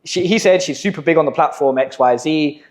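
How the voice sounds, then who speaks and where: A fairly high, darkish voice delivered at a brisk clip belongs to a young English podcast host and agency owner. In casual conversation he tells stories with a lot of slang and swearing.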